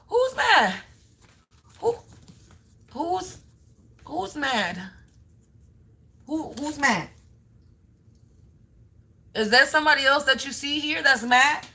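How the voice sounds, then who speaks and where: A woman's voice: high-pitched, pushed and bright. A woman doing a live tarot card reading as a spiritual reader, taunting and scolding a commenter and repeating her phrases.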